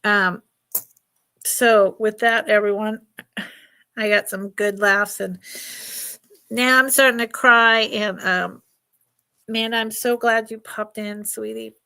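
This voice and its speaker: A woman's voice: mid-range voice, flat delivery, takes it slowly, long pauses, bright, forceful tone. A middle-aged woman hosting a casual live jewelry sale, chatty and emotional, often laughing. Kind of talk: casual live stream selling.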